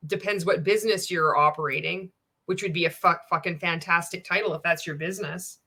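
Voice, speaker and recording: A woman's voice: lowish voice, fairly even intonation, a little fast, sharp tone, breathy edge. A woman from Canada hosting a reaction video, talking in casual, sarcastic commentary full of swearing and laughter. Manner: profane, sarcastic, laughing often.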